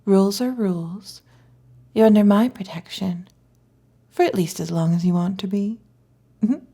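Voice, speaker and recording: A woman playing a breathy fox-spirit librarian. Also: mid-range voice, moderate pace. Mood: teasing. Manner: chatty, playful teasing with soft whispered asides. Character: young female kitsune librarian, protective, teasing, easily flustered. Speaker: ASMR roleplay performer. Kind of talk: whispered role-play.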